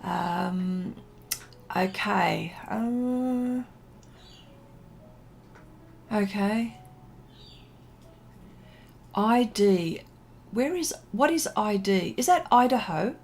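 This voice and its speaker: A woman's voice: mid-range voice, lively intonation, very slow, gravelly, long pauses, a little mellow. A middle-aged woman hosting a casual art livestream, chatting, reading viewer comments aloud and laughing often. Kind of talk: casual livestream chat while painting.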